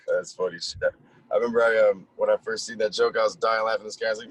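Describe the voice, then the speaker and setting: A young music producer from Merced, California, chats casually as a podcast guest, spinning loose, laid-back stories packed with slang and frequent laughter. His voice is lowish and husky, brisk but full of pauses, and the audio quality is poor.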